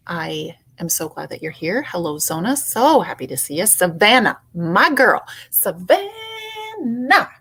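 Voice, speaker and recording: A woman's voice: fairly low pitch, expressive, moderate pace, vocal fry, few pauses, fairly bright tone, breathy edge. A woman hosting a casual livestream, greeting chat viewers by name in a chatty, playful way. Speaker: livestream host.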